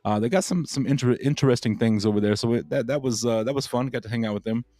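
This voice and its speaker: A man's voice: mid-range voice, quick pace, mellow, no room sound. A man hosting a crypto livestream, chatting casually and rambling with lots of fillers and repeated phrases.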